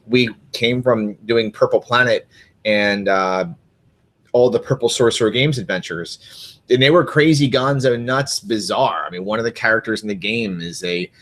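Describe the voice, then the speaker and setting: A man's voice: lowish voice, a bit bright. A man co-hosting a tabletop gaming podcast, rambling and teasing in casual chat. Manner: rambling, teasing, with frequent restarts. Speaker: podcast co-host and convention game master.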